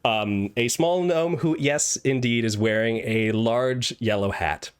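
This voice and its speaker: A man narrating a tabletop game as dungeon master, with halting, filler-heavy narration. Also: mid-range voice, clear, resonant tone.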